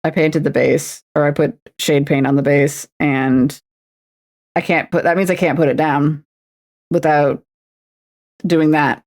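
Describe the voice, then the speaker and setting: Her voice is deep and darkish, with fairly even intonation, an unhurried pace and frequent pauses. This twenties-aged Canadian streamer paints a miniature while chatting casually, playful and self-mocking, sometimes putting on announcer voices.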